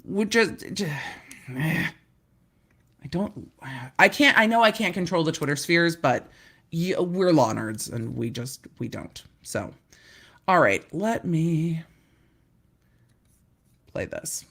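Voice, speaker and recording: A woman's voice: low voice, lively intonation, slow, vocal fry, long pauses, a bit bright. A woman legal commentator chatting casually on a live stream from a hotel room, laughing and joking at her own mishaps. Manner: chatty, laughing, self-deprecating.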